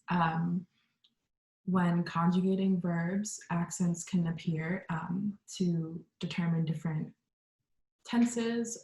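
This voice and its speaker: A woman's voice: fairly low pitch, echoey room, poor audio. A young woman giving a class presentation, talking casually with frequent ums and likes. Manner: relaxed, with many ums and likes. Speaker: student presenter.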